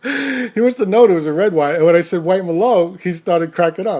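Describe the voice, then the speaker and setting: A man's voice: high voice, a little fast, hardly any pauses, a little mellow. A man who drives for rideshare, telling a rambling, self-mocking story to camera with frequent laughs and repeated words.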